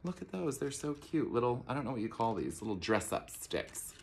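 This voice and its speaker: A man's voice: medium pitch, sing-song, brisk, vocal fry, darkish tone, a little hiss or hum. A man directing a theater camp, gushing and theatrical as he unboxes a gift box in a promotional video.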